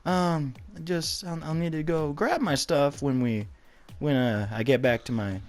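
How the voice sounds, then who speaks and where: A man voicing a young man who plays along as an eager drug dealer to tease someone, in a high, halting put-on voice. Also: soft background music, lightly acted. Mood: mock-eager.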